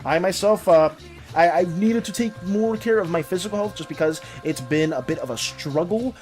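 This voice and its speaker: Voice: mid-range voice, normal speed, darkish tone, soft background music. An art streamer chatting casually with viewers, friendly and encouraging, often repeating words and restarting sentences.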